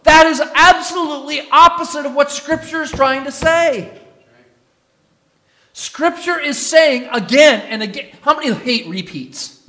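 A man's voice: extremely high pitch, a little slow, sharp tone. A man preaching a sermon as pastor, emphatic, putting questions to the congregation.

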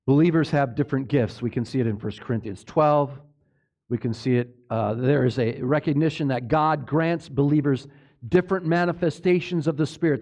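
A man's voice: a little high, a little mellow. A male pastor preaching a sermon in an emphatic way, often asking the congregation for an amen. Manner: emphatic, asks the congregation for amens.

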